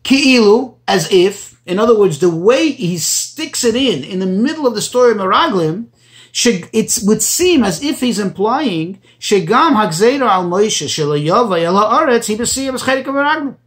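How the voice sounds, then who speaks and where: A man teaching a Torah class, reading Hebrew phrases and translating each one into as he goes. His pitch jumps up when he stresses a point. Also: big pitch swings, normal speed, fairly bright tone. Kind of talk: Torah class explaining commentaries.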